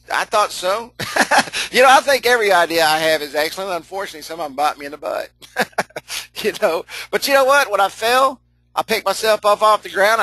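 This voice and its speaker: A man's voice: high voice, sharp tone, no room sound, poor audio. A middle-aged man leading a live online training session, folksy and chatty, laughing often, repeating himself and answering chat comments as he goes.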